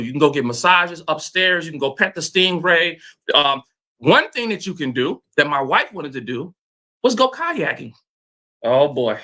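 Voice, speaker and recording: A man's voice: on the high side, pushed and bright. A middle-aged man, a motivational coach, telling a personal story with dramatic flair and speaking straight to his audience. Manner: dramatic, addresses the audience directly.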